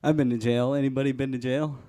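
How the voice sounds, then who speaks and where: A man doing a live stand-up set in a club, deadpan, chuckling at his own jokes. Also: mid-range voice, fast talker. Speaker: stand-up comedian. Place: comedy club stage.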